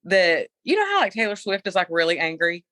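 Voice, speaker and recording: A middle-aged woman co-hosting a podcast, telling a story in an animated, opinionated casual chat. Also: lowish voice, fairly quick, dry recording. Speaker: podcast co-host.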